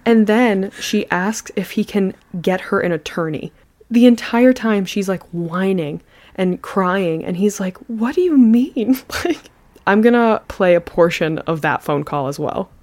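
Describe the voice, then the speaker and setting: A woman's voice: mid-range voice, measured pace, darkish tone. A woman hosting a podcast, telling a true crime story with chatty asides. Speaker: podcast host.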